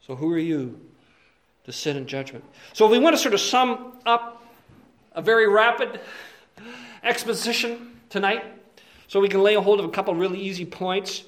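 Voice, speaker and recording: High-voiced male preacher, earnest and emphatic. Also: animated, moderate pace, long pauses. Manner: earnest, emphatic, asks the listeners to check in often; swings between soft asides and loud stressed points. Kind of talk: expository sermon.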